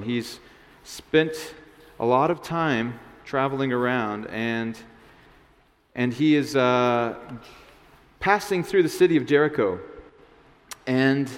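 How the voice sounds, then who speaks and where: A male pastor giving a casual, conversational sermon, with many restarts and acted-out quotes. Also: medium pitch. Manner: conversational, many restarts and fillers, acts out voices. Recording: long hall reverb.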